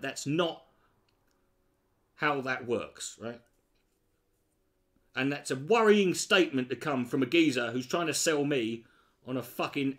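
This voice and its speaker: A man's voice: medium pitch, a bit bright. A man giving sweary, sarcastic reaction commentary on a video he mocks. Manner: sarcastic, swearing, mocking mimicry.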